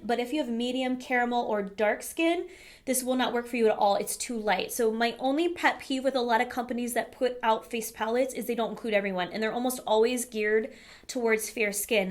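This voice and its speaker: Chatty woman vlogger with a raised voice. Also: fairly high pitch. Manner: chatty, candid, frequent "um" and "like". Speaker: beauty vlogger reviewing makeup. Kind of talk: casual product review to camera.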